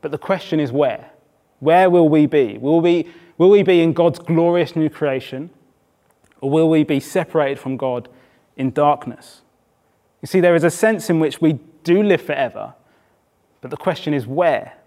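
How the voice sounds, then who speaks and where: Male preacher from England, slightly high voice, conversational but emphatic sermon delivery in church. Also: normal speed, dark tone. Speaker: pastor.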